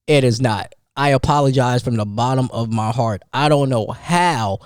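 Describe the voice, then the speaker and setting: A man in his thirties hosting a casual solo podcast, telling a story in a rambling, animated way with many restarts. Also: medium pitch, a little slow, smooth, no echo, clean studio sound. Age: 30s. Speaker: podcast host.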